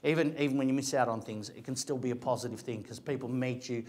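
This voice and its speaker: A man's voice: medium pitch, fast talker, a little mellow. A middle-aged man, an actor telling stories about his career in a chatty, rambling way with frequent restarts. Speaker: actor giving a talk. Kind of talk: casual storytelling talk.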